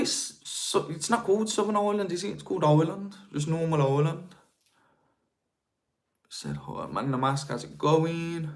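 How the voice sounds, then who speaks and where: A young man hosting a live stream, chatting informally and greeting viewers between points. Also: fairly high pitch. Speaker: live-stream host on marketing. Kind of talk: casual live-stream talk, reading viewer chat.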